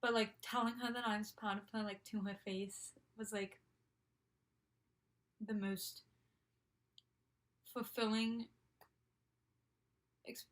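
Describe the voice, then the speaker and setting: A young woman in her college years telling a story casually, gushing and full of "like" and "um" fillers. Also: medium pitch. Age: young adult. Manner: gushing, filler-heavy, constant "like". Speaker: vlogger.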